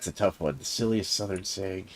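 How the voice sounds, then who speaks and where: His voice is deep and his pace moderate as this Southern gamer in his thirties talks casually during a livestream. He hosts a server and rambles in a relaxed manner, full of fillers and soft laughs.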